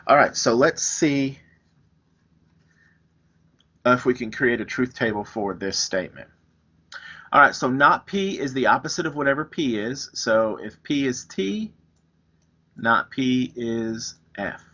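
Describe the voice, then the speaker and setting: A man's voice: mid-range voice, animated, unhurried, long pauses, pushed and bright. Male teacher explaining logic, lo-fi. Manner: plain, explains step by step with examples. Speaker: math teacher. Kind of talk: recorded lecture, writing on screen.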